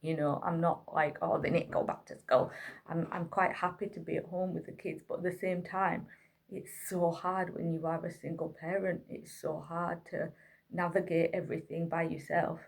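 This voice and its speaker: A low, gravelly-voiced woman talks at normal speed with little pitch movement. She's a single mother, drained and near tears, candidly and wearily retelling a rough night with her autistic son. It's an emotional vlog delivered straight to camera.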